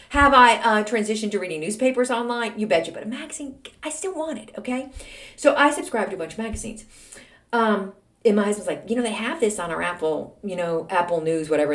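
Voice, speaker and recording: A middle-aged woman hosting a solo podcast, chatting in a self-deprecating, animated storytelling way. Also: mid-range voice. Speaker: podcast host. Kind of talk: casual solo podcast monologue.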